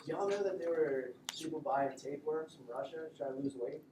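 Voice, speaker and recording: A man teaching a classroom lecture in a joking, conversational way, acting out quick exchanges with patients. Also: a little high, far from the mic, heavy background noise. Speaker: instructor. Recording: echoey classroom recorded from afar.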